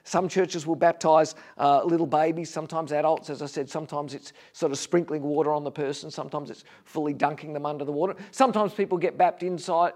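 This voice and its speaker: Male pastor, casual preaching voice, pitched a touch high, asks the room questions. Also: fairly even intonation, fairly quick, hardly any pauses. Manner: conversational, rhetorical questions, gently humorous. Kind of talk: sermon.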